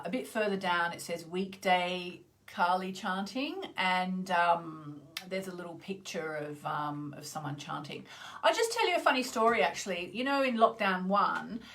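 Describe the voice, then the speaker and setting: A middle-aged Australian woman hosting a live chanting session, talking casually and meandering, with loud exclamations that trail off into soft endings. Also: mid-range voice. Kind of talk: casual live-stream chat. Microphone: video call.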